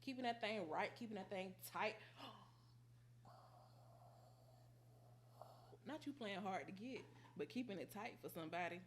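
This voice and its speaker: A woman's voice: medium pitch, fast talker, few pauses, slight background noise. Female tarot reader, casual and teasing, blunt slang, mid-range voice. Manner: playful, teasing, blunt slang, laughs often.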